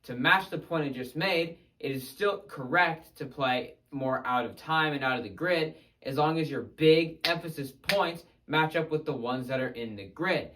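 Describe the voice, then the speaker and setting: A man teaching guitar, talking through techniques in an energetic, conversational way. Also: fairly high pitch, normal speed, low-quality recording. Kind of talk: instructional video narration.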